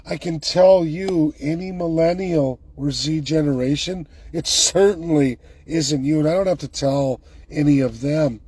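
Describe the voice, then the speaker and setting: Husky man delivering an angry rant. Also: a little high, a little mellow, no room sound. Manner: heated, emphatic, sarcastic. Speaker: political commentator.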